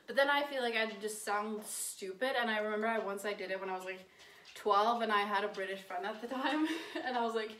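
A woman's voice: a little high, normal speed, a bit bright. Young American woman, casual vlog ramble, filler-heavy; roomy echo, distant mic, faint noise. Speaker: vlogger. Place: home, indoors. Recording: echoey room, mic at a distance.

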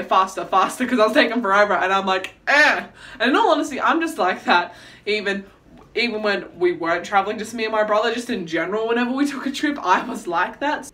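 A woman talks to her camera in a loose, chatty vlog, full of dramatic self-mocking asides. Her voice is bright and sharp. She sits a little back from the mic, so the sound has some distance to it. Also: mid-range voice. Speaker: vlogger.

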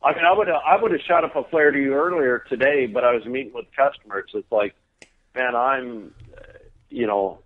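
A man's voice: medium pitch, normal speed. Texan man telling tales over the phone. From Texas. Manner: profane, laughing, drawling storyteller. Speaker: guest. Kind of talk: casual storytelling on a podcast. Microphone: phone call. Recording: tinny phone line.

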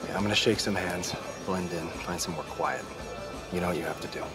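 An actor playing a calm, guarded male government agent in a game cutscene, speaking low and measured. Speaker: diplomat escorting an agent. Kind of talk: video game cutscene acting. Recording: game audio under commentary, music.

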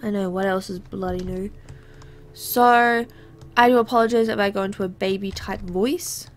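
A woman's voice: mid-range voice, steady tone, moderate pace, slight background noise. A young woman giving chatty let's play commentary, bubbly and easily distracted, often apologizing, and a little under the weather. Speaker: gamer.

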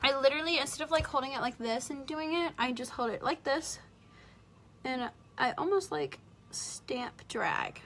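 Doing a makeup tutorial livestream from home, a young beauty vlogger chats and rambles, dropping "like" into nearly every sentence. She speaks a little fast in a high, fairly bright voice, and a bit of hiss or hum sits in the recording.

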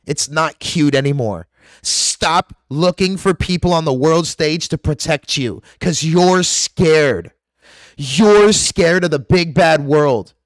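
A man's voice: on the high side, slow, no echo, studio quality. A man delivering an aggressive, profane, preachy rant straight to his viewers as a vlogger. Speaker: conspiracy vlogger. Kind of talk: ranting monologue to camera.

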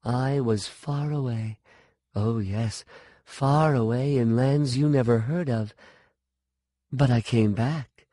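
Hushed, dreamy ageless witch, soft and unhurried, dry close sound, read by a man. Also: mid-range voice, no room sound, lightly acted. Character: ageless wild-haired female witch, dreamy and possessive.

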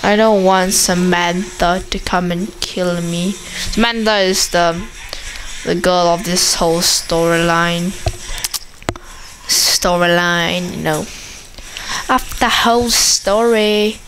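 Woman, gameplay commentator. Unhurried delivery, chatters excitedly at the game, faint hiss behind. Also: on the low side, rough recording. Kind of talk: casual commentary over a zombie shooter game.

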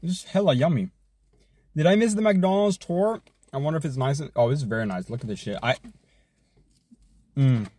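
A man streaming himself eating fast food, joking around, swearing often, and humming between bites. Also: a little high, dark tone, slightly rough, no echo. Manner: hyped, joking, swears a lot, chews and hums between bites.

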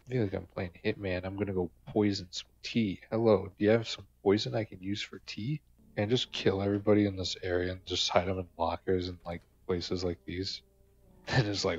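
A man's voice: fairly low pitch, moderate pace, vocal fry, highs cut off. A man giving casual, joking gameplay commentary, swearing and talking back to game characters. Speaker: gamer.

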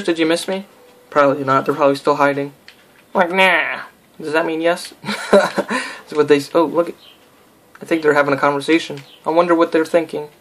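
A man's voice: a little high, fairly bright tone. A young man giving casual, rambling let's-play commentary, goofing around and talking to himself and the game. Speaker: gameplay commentator.

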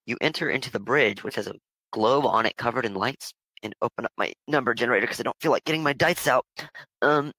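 A man from Germany narrating a tabletop game as game master, relaxed and correcting himself as he goes. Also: mid-range voice, fast, no echo, poor audio.

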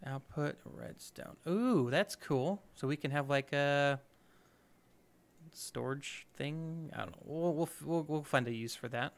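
A man's voice: fairly high pitch, slow pace, gravelly. A man hosting a let's play, giving upbeat, chatty gameplay commentary and thinking aloud as he goes.

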